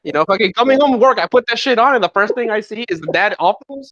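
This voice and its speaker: A young man co-hosting a casual podcast, his voice a bit high and full of movement in pitch. He talks in a laid-back, easygoing way and swears casually as he reacts and tells his own stories. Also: expressive, quick pace, pushed and bright, muffled recording. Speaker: podcast co-host. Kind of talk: casual chat.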